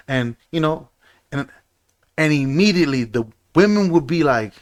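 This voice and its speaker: Animated man telling stories. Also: on the high side, moderate pace. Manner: animated, mimics others' voices in quotes; repeats phrases for emphasis. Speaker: podcast guest. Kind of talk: casual chat, storytelling.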